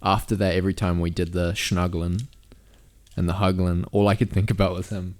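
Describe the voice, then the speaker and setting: Aussie dude, low voice, telling dirty stories, cussing nonstop. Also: male voice, flat delivery, a little fast. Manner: swears a lot, acts out quotes in a high shouty voice. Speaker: podcast co-host. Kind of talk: crude casual storytelling.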